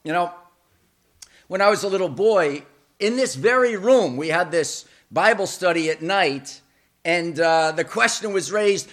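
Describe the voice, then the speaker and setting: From a church pulpit, a preacher with a notably high voice delivers a dramatic, emphatic sermon, a little slow and animated. He swells to loud peaks and sinks to hushed, intimate lows, repeating words to build momentum.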